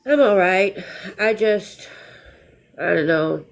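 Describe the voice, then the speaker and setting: A woman's voice: medium pitch, lively intonation, slow, vocal fry. A woman hosting a phone livestream, emotional and close to tears but defiant. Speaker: livestream host. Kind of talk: emotional live chat.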